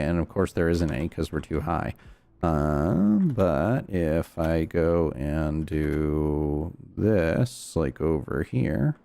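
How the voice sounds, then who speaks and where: A man's voice: low voice, darkish tone, smooth. A young man chatting casually on his livestream while playing, rambling and answering chat with lots of fillers. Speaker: streamer.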